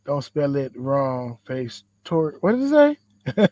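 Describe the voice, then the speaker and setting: A man's voice: medium pitch, lively intonation, slow, darkish tone, no echo. A man hosting a podcast, giving a loose, conversational faith talk outdoors in a backyard, full of slang and repeated phrases. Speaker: podcast host.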